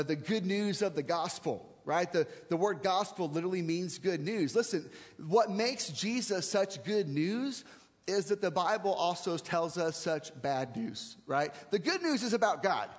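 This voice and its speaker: A man preaching a sermon as pastor, conversational and emphatic, slowing down and speeding up to stress his points. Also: sits high, lively intonation. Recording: long reverb of a large hall.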